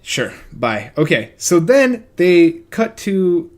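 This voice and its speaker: A young man co-hosting a podcast in casual chat, rambling and joking as he recaps a movie plot with quick impressions. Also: high-pitched, very animated. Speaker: podcast co-host.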